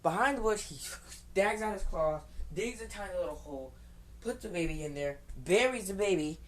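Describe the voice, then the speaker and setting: A woman with a notably deep voice tells an improvised fan story off the cuff. She rambles and restarts, swears freely, and bristles defiantly at anyone who dislikes her version. A faint hum sits under her voice. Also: lively intonation, moderate pace, rough recording. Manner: rambling, profane, frequent restarts; defiant outbursts at critics.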